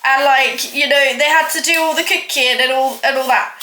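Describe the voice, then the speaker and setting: A young woman with a high, light voice rambles through a home baking vlog, poking fun at herself and filling every pause with "like". The kitchen sounds echoey, and dishes and pans clatter in the background. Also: fairly even intonation, bright, forceful tone, slight background noise. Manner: rambling, self-mocking, full of filler "like". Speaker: baking vlogger. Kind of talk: casual chatty vlog.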